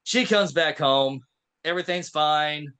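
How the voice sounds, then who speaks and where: A man co-hosting a podcast in a studio, retelling a film with lively acted-out lines. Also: on the high side, a little slow, clean tone. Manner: animated storytelling, acts out characters' lines. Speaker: podcast co-host. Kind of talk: casual movie recap chat.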